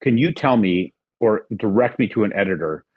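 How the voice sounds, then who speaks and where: A middle-aged man with a lowish, husky voice and lively intonation speaks at normal speed, recorded with no echo but dull audio. As a podcast guest he tells a rambling, casual story, acting out the lines of the people in it.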